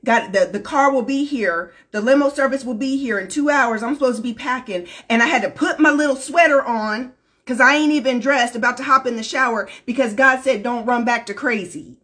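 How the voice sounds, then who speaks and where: A woman speaks straight into her phone camera from home, preaching an off-the-cuff spiritual pep talk. Her voice sits high and sounds a little breathy and husky. She talks in a casual, slangy way and hammers her points home by repeating them. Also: brisk, fairly bright tone. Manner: emphatic, preachy, repeats lines for emphasis. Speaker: spiritual life coach. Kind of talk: impromptu live-stream pep sermon. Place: at home, packing. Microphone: phone or webcam, going live.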